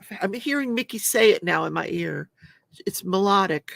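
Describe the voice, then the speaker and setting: Speaking at a moderate pace in a medium-pitched, expressive voice, a forties-aged crafting show host chats casually on her live stream. Her tone is gravelly and a bit bright in a dry recording, and she laughs frequently while reading out viewer comments.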